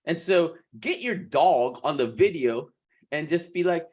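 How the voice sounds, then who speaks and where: A man coaching beauty professionals in a casual, animated way, laughing often and restarting his sentences. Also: on the high side, a little fast, husky.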